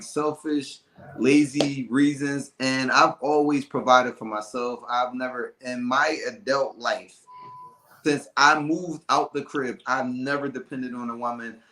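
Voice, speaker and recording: A man hosting a casual podcast chat, animated and loose with slang, often laughing. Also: mid-range voice, measured pace, roomy sound, low-quality recording. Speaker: podcast host.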